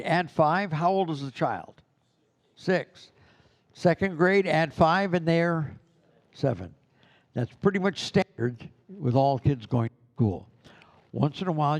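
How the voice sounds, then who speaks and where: A man's voice: mid-range voice, vocal fry, a little mellow. An older man teaching a class of Santa performers in a loose, rambling way, acting out children's voices in his stories. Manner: rambling, acts out kids' voices in anecdotes. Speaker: Santa school instructor.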